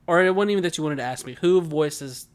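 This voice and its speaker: A man's voice: a little high, fast, clear, resonant tone. A man in his twenties co-hosting a podcast, chatting casually with rambling, joking stories. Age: 20s. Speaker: podcast co-host. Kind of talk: casual chat.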